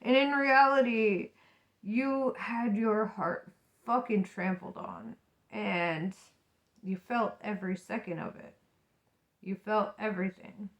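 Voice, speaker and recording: A woman's voice: mid-range voice, takes it slowly, lo-fi sound. A woman giving a casual tarot reading, frank and profane, laughing often and asking "right?" as she talks. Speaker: tarot reader.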